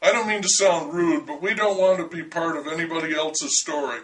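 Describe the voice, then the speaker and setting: A man's voice: a little high, brisk, fairly bright tone, far from the mic, lightly acted. A man voicing a racer's wife who talks in a blunt, firm way.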